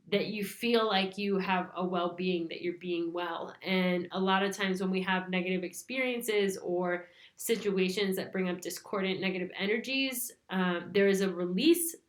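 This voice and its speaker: Young female host, casual rambling monologue, filler-heavy, echoey room. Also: medium pitch. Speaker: spiritual channel host.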